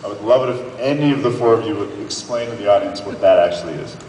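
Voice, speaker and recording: A male panel moderator, brisk, addressing the audience. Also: fairly low pitch, darkish tone. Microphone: phone recording from the audience. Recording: echoey hall from far off, faint noise.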